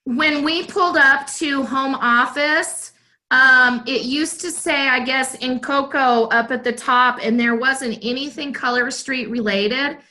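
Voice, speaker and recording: A woman on a casual livestream showing a product to her sales team, chatty with excited asides. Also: high voice, unhurried, low-quality recording.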